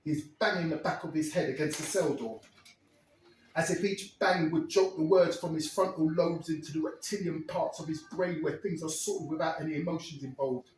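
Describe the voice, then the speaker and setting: A man's voice: a little high, moderate pace, darkish tone, a little hiss or hum. A man performing a crude, wry monologue as a storyteller in a live one-man show. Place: stage at a live club. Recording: echoey room, mic far off.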